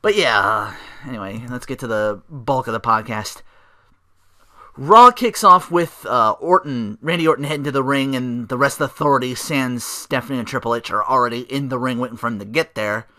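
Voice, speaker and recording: A man's voice: medium pitch, fairly quick, sharp tone. A man hosting a solo podcast, rambling casually with lots of fillers and restarts. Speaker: podcast host.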